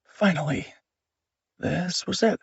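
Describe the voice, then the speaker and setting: A woman's voice: fairly low pitch, slow pace, vocal fry, husky, no room sound, muffled recording, pitched above the performer's own voice, full character voice. A man voicing an anxious young wife hiding a secret, speaking in tense, clipped replies.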